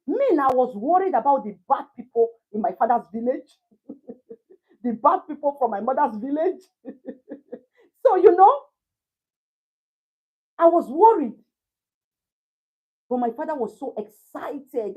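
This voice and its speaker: Nigerian woman, 30s, livestream host; animated chatty storyteller, a bit husky and high, slightly dull lo-fi sound. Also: moderate pace, long pauses. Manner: animated, laughing, switches into pidgin. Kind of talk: casual storytelling to a live chat.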